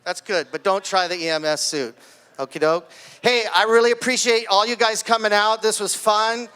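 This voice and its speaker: A man's voice: sits high, normal speed, clean tone. A man in his sixties telling a stand-up story at his own birthday party, acting out the screams and voices of the people in it. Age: 60s. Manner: animated storytelling, acts out screams. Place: party hall with guests.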